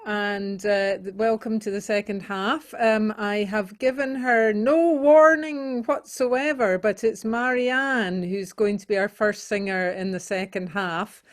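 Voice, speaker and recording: A woman's voice: mid-range voice, steady tone, unhurried, hardly any pauses. A woman hosting an online folk singing session over a video call, speaking casually with many hesitations. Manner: hesitant, lots of ums and uhs.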